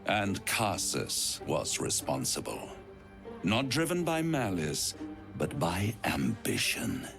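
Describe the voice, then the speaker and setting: An actor voicing an ancient scheming male devil in a video game, with a deep, theatrical, relishing drawl. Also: wildly swooping pitch, takes it slowly, gravelly, full character voice. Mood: grandiose. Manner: grand, relishing, mocking delivery. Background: game music.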